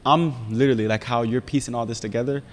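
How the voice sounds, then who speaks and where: A young man telling a long personal story in casual chat, profane and animated, often checking in with his listener. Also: mid-range voice, fast talker, big-room sound. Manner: profane, animated storytelling with frequent "you feel me". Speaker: podcast storyteller.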